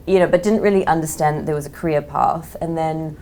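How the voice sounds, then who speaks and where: Mellow low-pitched Australian woman in her 30s, frank chatty interview guest. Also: fast, slight background noise. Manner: chatty, frank, many "like" and "um" fillers. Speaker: magazine editor, podcast guest. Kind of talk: casual interview chat.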